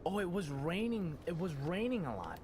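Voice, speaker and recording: A man's voice: high-pitched, sing-song, moderate pace, noisy background. A young man giving goofy, easily startled commentary while playing a game and talking back to it. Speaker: gaming youtuber. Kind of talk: casual gameplay commentary.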